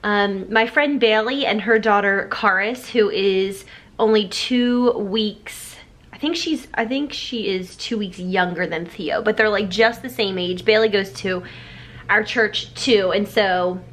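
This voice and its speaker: A woman's voice: mid-range voice, unhurried, a bit bright. A young woman chatting casually and rambling to her camera at home. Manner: rambling, chatty, self-deprecating. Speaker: vlogger. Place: living room at home.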